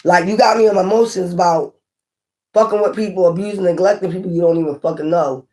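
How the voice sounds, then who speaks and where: Speaking fast in a fairly low, mellow voice, a woman reads tarot casually for the camera. She's blunt, curses, talks passionately, and keeps repeating points and questioning her audience.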